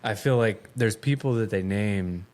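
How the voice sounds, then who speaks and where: A man's voice: fairly low pitch, moderate pace, a little mellow. A man co-hosting a podcast aftershow, talking in a laid-back, hesitant way with many fillers. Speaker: podcast co-host. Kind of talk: casual podcast chat.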